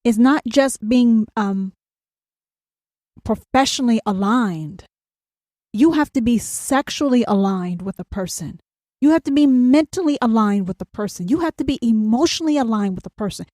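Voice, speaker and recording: A fairly high-pitched woman hosting a solo podcast in a dry, close recording. She speaks bluntly and profanely and keeps hammering her points with questions. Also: darkish tone, dry recording. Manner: blunt, profane and emphatic, with repeated rhetorical questions. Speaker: podcast host.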